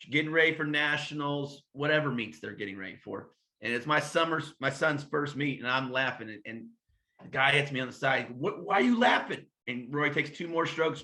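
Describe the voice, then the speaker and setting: A man with a bright, forceful voice, chatting as a swim coach in an interview. He tells loose, animated stories and slips into bits of dialogue as he goes. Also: on the high side. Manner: lively anecdotes, acts out dialogue. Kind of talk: casual interview storytelling.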